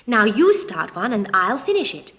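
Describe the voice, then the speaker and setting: A woman's voice: mid-range voice, big pitch swings, normal speed, over loud music. A woman singing and chatting playfully on a children's record, cheerful and sing-song. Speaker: singer and playmate on a children's record. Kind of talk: children's record, playful sung and spoken rhymes.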